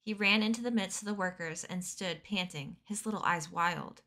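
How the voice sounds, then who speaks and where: A woman reading a children's novel aloud on a cozy stream, steady and expressive. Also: fairly low pitch, moderate pace, hardly any pauses.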